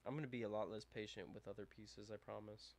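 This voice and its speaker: A man streaming live as he builds a model kit, talking to himself in a mumbling, self-deprecating way that trails off, on a desk mic turned down low. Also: steady tone, fast talker. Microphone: desk microphone with low gain. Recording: faint hum and buzz behind.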